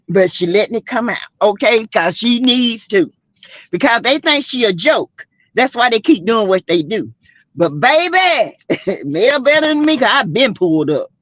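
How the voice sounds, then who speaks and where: A woman's voice: a little high, sing-song, measured pace, dry recording, dull audio. A woman with a Southern American accent from South Carolina hosting a live reality TV gossip stream, sassy and emphatic, laughing often and greeting viewers by name. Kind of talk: casual live-stream commentary.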